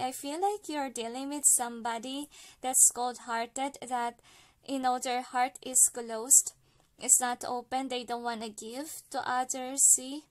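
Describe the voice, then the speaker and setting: A woman from the Philippines giving a casual spoken card reading, chatty, with many fillers, often ending her points with "okay?". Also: high-pitched. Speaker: card reader.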